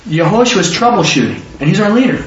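Man preaching a Bible study, high voice, quizzes the room, echoey dull recording from far off. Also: lively intonation, slight background noise. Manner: quizzes listeners with rapid questions. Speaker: Bible teacher. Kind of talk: interactive Bible study sermon.

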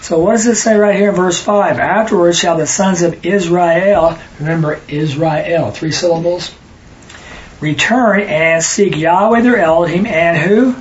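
Man, Bible study teacher, high pitch, corrective explaining style, faint hiss behind. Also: measured pace, dull audio. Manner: explanatory, stops readers to correct and stress words.

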